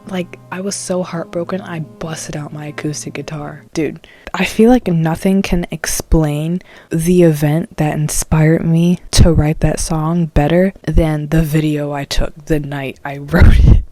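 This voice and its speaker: Animated young woman musician vlogging. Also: sits low, unhurried, faint music behind. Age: late teens. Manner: animated, dramatic and candid. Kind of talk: casual vlog talk.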